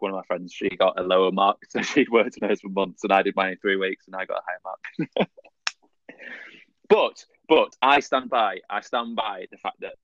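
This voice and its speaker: A man in his twenties with a low voice chats casually, halting and repeating words as he works through a thought. The sound is dry and close, with a muffled lo-fi quality. It stays relaxed and conversational. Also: dry recording. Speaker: podcast co-host. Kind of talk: casual chat.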